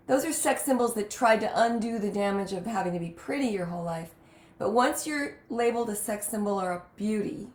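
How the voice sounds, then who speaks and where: A woman's voice: on the high side, reverberant. A woman podcast host chatting casually and telling stories emphatically. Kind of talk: casual chat.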